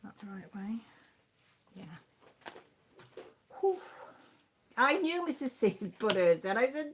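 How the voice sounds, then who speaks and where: A woman's voice: on the high side, sing-song, takes it slowly, pauses often, slight background noise. A Welsh woman in her fifties hosting a casual livestream chat, reading out viewers' comments and laughing often. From Wales. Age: 50s. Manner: chatty, laughs often, reads out names from the chat. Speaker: livestream host.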